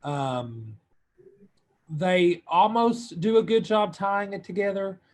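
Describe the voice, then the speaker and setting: A man's voice: sits high, slow. A man in a video-call meeting giving his view, thinking aloud with restarts and hesitations. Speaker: meeting participant. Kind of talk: online group meeting discussion.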